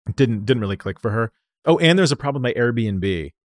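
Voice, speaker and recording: A man from the United States, a company founder, telling stories in an animated, lively way during a casual interview. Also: mid-range voice, a little fast, no room sound, studio quality. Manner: animated, lively storyteller who acts out quotes.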